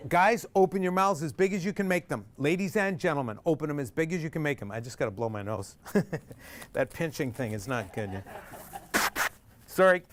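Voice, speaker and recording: A man's voice: on the high side, expressive, brisk. A man teaching a group singing workshop, joking and singing lines to demonstrate. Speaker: singing instructor.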